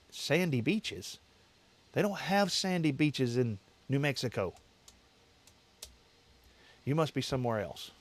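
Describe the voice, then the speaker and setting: Male livestream host, loose and rambling, repeats phrases, quick to laugh. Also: medium pitch. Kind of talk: casual livestream chat with viewers.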